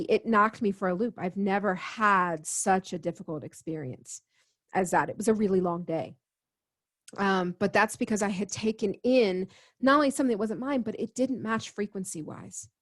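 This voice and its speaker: Woman guest, earnest storyteller, acts out quoted lines, mid-pitched easy voice. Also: moderate pace. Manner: earnest, quotes herself and others in dialogue. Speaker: guest healer. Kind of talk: conversational storytelling.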